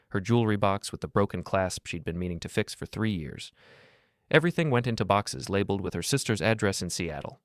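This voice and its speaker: A man giving calm, cold, measured first-person scripted narration. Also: sits low, dry recording, clean studio sound.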